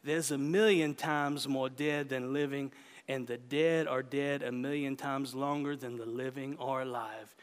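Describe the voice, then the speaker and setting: A man reading aloud and voicing a gruff, hearty old backwoods great-uncle with a gravelly voice who hollers and insists, in a long-reverb hall. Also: medium pitch, steady tone, unhurried, natural voice. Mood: insistent.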